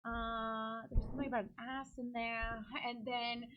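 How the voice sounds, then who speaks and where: A woman's voice: on the high side, level tone, moderate pace, highs cut off, a loud crowd. A woman playing a tabletop game, recounting her character's findings in a rambling, self-amused way. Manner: rambling, laughing at herself, trailing off. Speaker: player.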